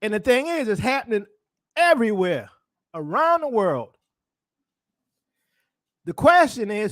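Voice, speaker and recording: A man delivering a street-style sermon in a high, animated voice. He drives his points home with repeated phrases and pointed questions. The sound is dry and close. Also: measured pace, long pauses, no room sound. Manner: emphatic, repetitive rhetorical questions. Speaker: preacher.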